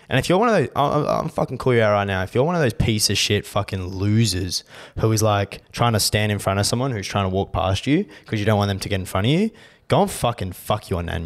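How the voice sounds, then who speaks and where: Young male co-host, slightly low voice, loud and blunt, heavy swearing, casual banter. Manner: brash, swearing, ranting. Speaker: podcast co-host. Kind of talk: casual chat.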